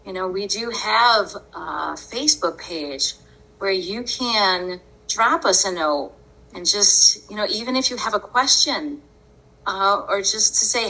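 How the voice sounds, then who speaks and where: A woman hosts a podcast and tells a personal story at a slow, deliberate pace. Her voice is bright and forceful. She stays earnest throughout and often breaks into laughter. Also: mid-range voice, slightly rough, poor audio. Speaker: podcast host.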